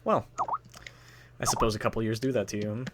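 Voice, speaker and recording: A man voicing a seasoned male military commander who speaks softly and with measured calm, over a noisy home mic. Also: fairly low pitch, lightly acted. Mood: earnest.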